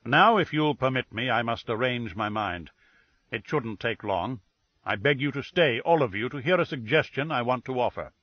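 A man's voice: mid-range voice, animated, dry recording, highs cut off, lightly acted. Nero Wolfe, a man reading a formal detective. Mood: formal, deliberate. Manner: measured, formal, precise. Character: imperious older male detective, deliberate.

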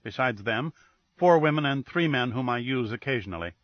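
A man voicing a businesslike woman agency owner who speaks in a brisk, matter-of-fact way. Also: medium pitch, animated, dry recording, muffled recording, close to an everyday voice.

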